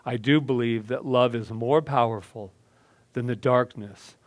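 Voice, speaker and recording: A male minister telling a personal story in a slow, deliberate, dramatic way. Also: medium pitch, no echo. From United States.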